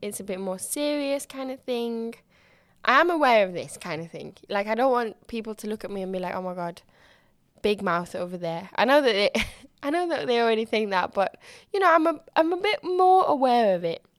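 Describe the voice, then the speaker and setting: A young woman runs her own podcast in a chatty, bubbly style, restarting her sentences as she goes. Her voice is loud and high-pitched and jumps up further when she gets excited. The sound is close and dry, with no room echo. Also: brisk. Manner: bubbly and chatty, with frequent restarts and acted-out quotes. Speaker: podcast host. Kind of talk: casual solo podcast chat.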